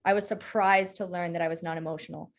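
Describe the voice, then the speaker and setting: A woman's voice: fairly low pitch, fairly even intonation, fast. A woman co-hosting a casual discussion, explaining human design concepts and often checking in with "right?". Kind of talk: casual teaching chat.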